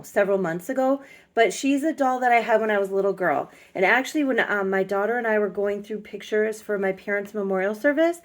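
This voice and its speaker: A middle-aged woman chatting casually in a home vlog, soft-spoken and gently emotional, rambling with many fillers. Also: medium pitch. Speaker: doll collector vlogger.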